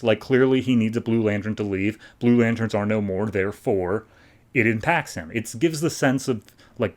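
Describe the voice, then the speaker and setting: This podcast host goes over comics in a lowish voice with a darkish tone, recapping and giving his take. The delivery is casual and full of filler, with "like" cropping up again and again.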